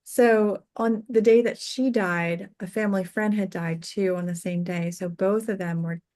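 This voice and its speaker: Earnest woman, soft heartfelt storytelling. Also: medium pitch, steady tone, unhurried. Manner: earnest and heartfelt, peppered with "like" fillers. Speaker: death doula, podcast guest. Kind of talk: casual interview storytelling.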